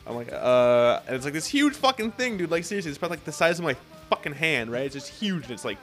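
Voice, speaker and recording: A man's voice: a little high, fast talker, soft background music. A young man telling a long story in casual chat, swearing often and acting out what others said. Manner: profane, animated storytelling with acted-out quotes.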